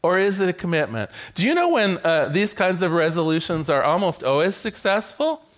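Lively, animated male minister preaching. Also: high-pitched, fairly quick. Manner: animated, playful, with repeated stammered restarts. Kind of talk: sermon.

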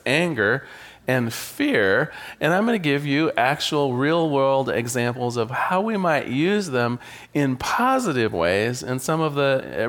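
A man's voice: mid-range voice, a bit bright. A man giving a sermon as a minister, conversational and joking.

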